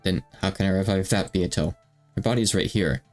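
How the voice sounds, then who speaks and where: An agitated young man, voiced by a male streamer in a low voice close to his own. He presses with exasperated, insistent questions over faint music. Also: a little fast, darkish tone, close to an everyday voice.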